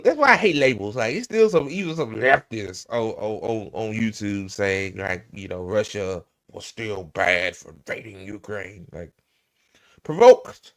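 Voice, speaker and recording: A man doing casual reaction commentary, cursing and stumbling over restarts. His voice is gravelly, with a lively pitch that leaps up and down. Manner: profane, laughing, rambling with stammered restarts. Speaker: reaction streamer.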